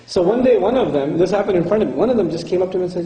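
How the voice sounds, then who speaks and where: A man giving a lecture and answering audience questions, telling stories with lively acted-out dialogue. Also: high voice, rapid-fire, few pauses, highs cut off. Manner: lively storytelling, acts out quoted dialogue. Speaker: speaker. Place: hall with audience. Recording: echoey hall.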